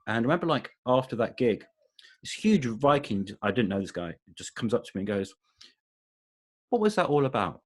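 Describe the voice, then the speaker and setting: A man's voice: fairly low pitch, animated, fairly quick, husky. A man co-hosting a music podcast over a video call, chatting casually about bands and trailing off into fillers and restarts. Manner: rambling, many fillers and restarts. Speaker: podcast co-host, music journalist.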